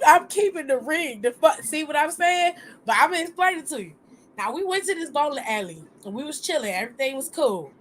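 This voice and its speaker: A woman hosting a talk show, retelling a personal story in a lively, animated way, with asides to her listeners. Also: sits high. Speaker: host.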